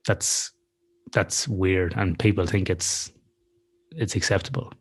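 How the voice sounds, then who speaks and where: A man's voice: sits low, fairly even intonation, slow, slightly rough. A man telling a story in casual podcast chat, swearing freely and talking animatedly. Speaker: podcast co-host.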